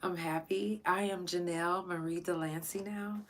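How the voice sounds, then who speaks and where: A woman's voice: lowish voice, moderate pace, slight background noise. A woman hosting her own podcast, talking in a casual, emotional monologue, swearing freely and close to tears. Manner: profane, excitable, close to tears. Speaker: podcast host.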